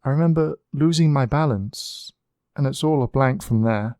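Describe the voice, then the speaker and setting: A man voicing a confused young woman who speaks softly and haltingly. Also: medium pitch, dry recording, studio quality, pitched above the performer's own voice, lightly acted. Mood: bewildered. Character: young woman, bewildered gymnast.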